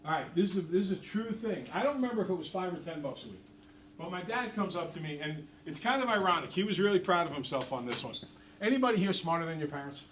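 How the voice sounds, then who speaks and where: Animated male teacher in an echoey classroom. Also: high-pitched, fast talker, distant mic, slight background noise. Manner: chatty, animated storyteller, jokes with students. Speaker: math teacher. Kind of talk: classroom lecture with stories.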